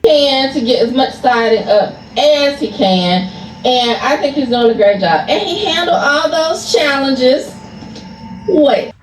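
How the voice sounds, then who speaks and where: A woman's voice: high-pitched, animated, a little slow, echoey room, recorded from a distance, a little hiss or hum, low-quality recording. A woman chatting casually in a home video, easygoing and laughing.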